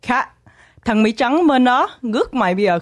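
A woman's voice: fairly high pitch, animated, a little fast. A woman on a podcast, explaining things plainly in casual conversation. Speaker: podcast guest.

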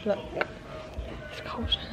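A young woman chatting casually to camera in a vlog, giggly and rambling with lots of "like" and "um". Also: very slow. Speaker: vlogger. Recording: noisy handheld vlog recording.

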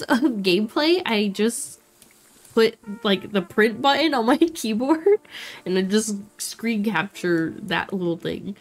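A young woman streaming a life-sim game, chatting to her viewers in an excitable way with frequent exclamations and laughs. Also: medium pitch. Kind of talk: casual let's play commentary.

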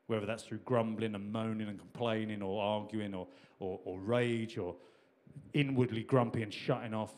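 A man's voice: on the low side, fairly even intonation, normal speed, darkish tone. A middle-aged man preaching a sermon in a conversational way, with repetitions and restarts. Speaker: pastor.

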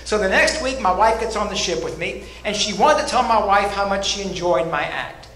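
A middle-aged man telling cruise stories in a stand-up set, pausing before his punchlines. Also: sits high, slight background noise. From Louisville, Kentucky. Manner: deadpan storytelling with punchline pauses. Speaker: stand-up comedian. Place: comedy club stage. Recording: echoey room with faint ambience.

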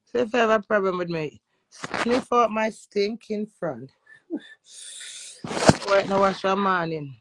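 A woman with a Jamaican accent, a social media influencer, talking loudly and boastfully in casual patois and swearing freely. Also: medium pitch, a little slow, long pauses, background noise. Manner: loud, profane and boastful. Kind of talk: brash casual talk in patois.

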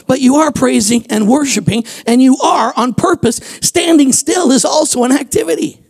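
A man with a strikingly high voice and a gravelly edge preaches to his church. He talks in an animated way and often climbs into shouts. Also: moderate pace. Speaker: pastor. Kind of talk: sermon.

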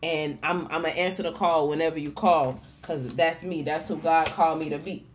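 A woman with a fairly low voice gives a casual tarot reading as a vlog. She talks in a frank, swearing, encouraging way and keeps restarting her phrases. A faint noise sits under her voice. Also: steady tone, moderate pace. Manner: loose, repeats and restarts words. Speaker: tarot reader and vlogger. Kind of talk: casual motivational tarot talk.

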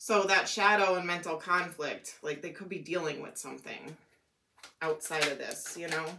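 A woman reading tarot cards aloud, musing and thinking out loud as she goes, her voice a little worn and hoarse. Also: low-pitched, noisy background. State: losing her voice. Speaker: tarot reader.

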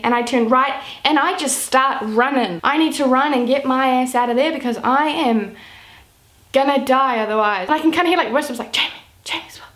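High-voiced chatty young woman vlogger. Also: a bit bright. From New Zealand. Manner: chatty, says "like" constantly. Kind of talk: casual storytelling to camera.

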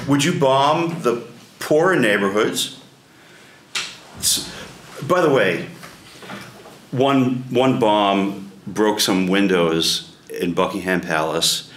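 A man leading an adult class, telling a story in a conversational way, often clearing his throat and putting questions to the group. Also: deep voice, slight background noise. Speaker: adult education class leader. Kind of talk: informal lecture with storytelling. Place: church meeting room. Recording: echoey church room.

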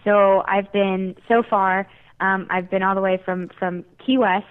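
A woman's voice: medium pitch, fairly even intonation, a little slow, clear, resonant tone. Teen girl guest from South Florida, calling in, earnest and chatty, phone-line sound. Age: teens. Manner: earnest, chatty with many fillers. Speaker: guest singer. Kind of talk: phone interview.

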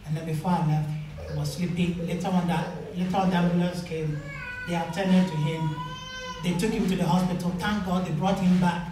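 A man preaching a sermon as pastor, telling stories and acting out the dialogue with rising pitch. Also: little pitch movement, fairly quick, distant mic, noisy background. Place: church. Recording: echoey church hall, mic from afar.

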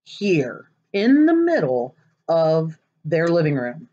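A woman reading a children's novel aloud, expressive and lively, raising her voice for the characters' lines. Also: low-pitched, slow pace, lo-fi sound. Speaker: narrator.

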